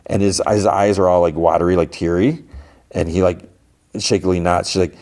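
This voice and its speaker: Man, podcast host, mellow tone, casual recap, rambling retelling. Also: sits low, fairly even intonation, a little fast. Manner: retells scenes loosely, quoting characters with filler and restarts.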